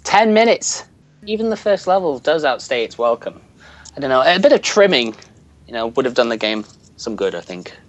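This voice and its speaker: Rambling man with a lively voice. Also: mid-range voice, brisk, dull audio. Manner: rambling, laughs often, searches for words. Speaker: podcast co-host. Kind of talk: casual chat about video games.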